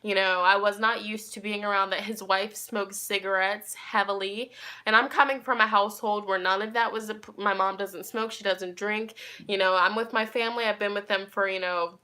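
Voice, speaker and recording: A woman's voice: medium pitch, fairly even intonation, moderate pace, pushed and bright. A young woman chatting to her viewers in a rambling, casual storytime, talking straight to them as she goes. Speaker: tarot reader and vlogger.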